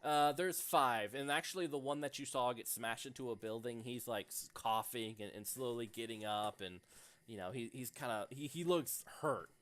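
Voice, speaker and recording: Narrating a tabletop game, the game master halts often and leans on fillers. His voice is mid-range and fairly bright.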